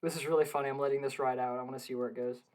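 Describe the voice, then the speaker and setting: Excitable young man swearing and laughing. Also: mid-range voice, very fast. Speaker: podcast co-host. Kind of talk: casual film review chat. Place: home basement.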